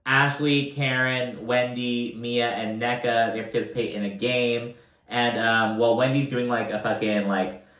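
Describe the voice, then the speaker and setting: A man talking in a mid-range voice through a gossipy recap. He is animated and profane, with constant "like"s. The sound is roomy and echoey. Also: mid-range voice. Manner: animated, profane, lots of "like" and "you know what I mean". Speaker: reality TV recap host. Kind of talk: casual recap commentary. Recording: roomy echo.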